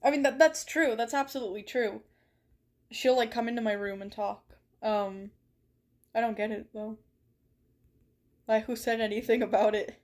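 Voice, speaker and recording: High-voiced woman streamer, playfully dramatic. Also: steady tone, normal speed, long pauses, a little mellow. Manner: playful, mock-dramatic protests. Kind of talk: live-stream chat while gaming. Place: bedroom at home.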